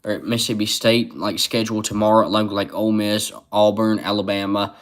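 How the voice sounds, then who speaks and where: A man's voice: lowish voice, fairly even intonation, a little fast. A man doing casual live-stream sports commentary, rambling and reading chat comments aloud. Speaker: sports livestreamer.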